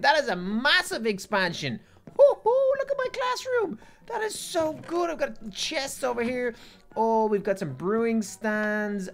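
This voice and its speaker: A woman giving excitable, playful gameplay commentary and talking to her viewers. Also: low-pitched. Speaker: gaming YouTuber.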